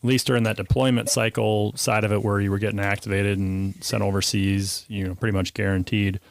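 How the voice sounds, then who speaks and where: Low-voiced man hosting a relaxed chat. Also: a little fast, vocal fry. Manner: relaxed, asks follow-up questions. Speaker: podcast host. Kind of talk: casual interview chat.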